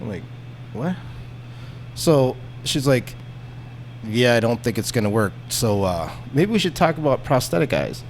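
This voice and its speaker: Animated man telling a story. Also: mid-range voice, measured pace, long pauses, a little hiss or hum. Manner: animated, profane, acts out the people in his story. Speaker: podcast guest. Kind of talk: casual storytelling.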